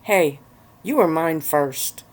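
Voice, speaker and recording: A woman's voice: low voice, animated, slow, exaggerated voice. A woman voicing a protective, teasing young male werewolf in a self-written story read aloud.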